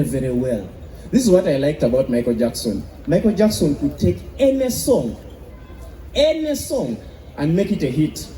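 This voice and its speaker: A man from Uganda with a Ugandan English accent, doing stand-up comedy with animated storytelling. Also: a little high, roomy sound, low-quality recording. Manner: animated storytelling with sung bits.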